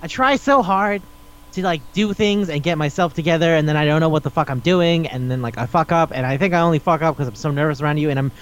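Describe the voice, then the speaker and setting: A man's voice: a little high, quick pace, clear, resonant tone, dull audio, lightly acted. A man voicing a flustered teenage girl who rambles her way through a love confession. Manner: rambling, frustrated.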